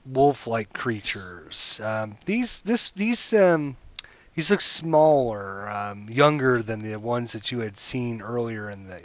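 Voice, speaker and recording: Hesitant, slow-talking male game master. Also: medium pitch, fairly bright tone, dry recording, highs cut off. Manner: hesitant, meandering with many fillers. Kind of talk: narrating a tabletop game over voice chat.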